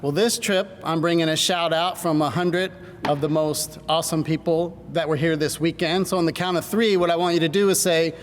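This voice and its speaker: A middle-aged man, a doctor, giving an energetic seminar talk to a live audience and drawing them into call-and-response. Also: a little fast. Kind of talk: stage presentation to a live audience. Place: large hall with audience. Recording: hall reverb, faint rumble.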